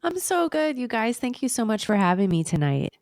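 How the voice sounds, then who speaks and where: A woman's voice: a little high, big pitch swings, a little fast, a little mellow, dry recording, clean studio sound. A woman guest on a podcast, an inner voice coach, talking in an effusive, earnest way. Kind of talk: casual interview chat.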